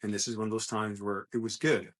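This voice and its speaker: A man's voice: lowish voice, level tone, fast talker, fairly bright tone. A man co-hosting a gym podcast, talking in an earnest, motivational way and often restarting his sentences as he thinks aloud. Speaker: gym coach and podcast co-host. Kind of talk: casual podcast chat.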